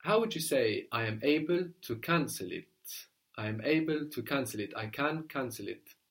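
Teaching a spoken language, a man patiently walks his student through explanations and says words slowly again and again. He speaks at a medium pitch, animated and a bit bright.

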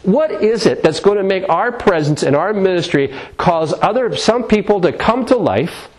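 A man preaching with real fire, his voice sitting a little high and swinging widely up and down. He acts out the scripture he quotes, sometimes slowing right down for weight and sometimes pushing forward. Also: animated. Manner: passionate, dramatic, voicing scripture with shifting tone. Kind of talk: sermon.

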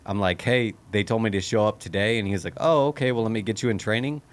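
A man's voice: on the low side, fairly even intonation, fast talker. A man telling a comic story in a casual chat, matter-of-fact and dry, swearing freely.

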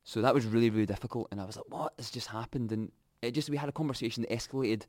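A young Scottish man telling his own story candidly, reflective and halting, often restarting his sentences. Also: mid-range voice, darkish tone, no room sound, clean studio sound.

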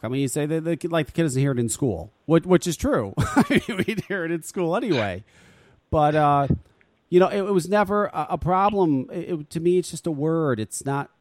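A man's voice: medium pitch, darkish tone, no echo. A man hosting a talk radio show, laid-back and profane, laughing often.

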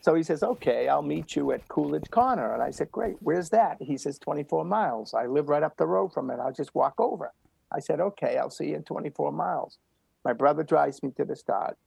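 Gravelly older man, emphatic storyteller. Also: a little high, expressive, a little fast, darkish tone, dry recording. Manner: emphatic, repetitive motivational delivery. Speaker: guest runner. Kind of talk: storytelling interview.

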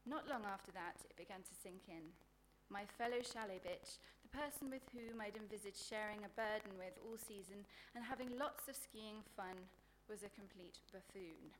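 A woman reads her own comic prose at a live book event, with a faint hiss behind her. Her delivery is sardonic and deadpan, and she lands crude insults with dry relish. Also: medium pitch, normal speed, hardly any pauses. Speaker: author reading her work.

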